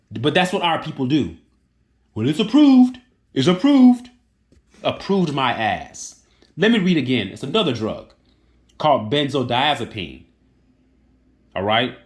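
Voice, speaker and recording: An indignant man speaking in a middling-pitched voice, delivering a one-man opinion rant. He stresses and repeats his points insistently, talking straight to the audience. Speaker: online commentator.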